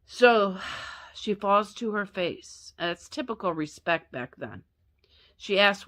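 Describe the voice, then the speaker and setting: A woman retells a Bible story for her listeners in an easygoing, unhurried way. She corrects herself and drops in chatty asides, and her voice sits at an ordinary middle pitch. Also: animated, fairly bright tone.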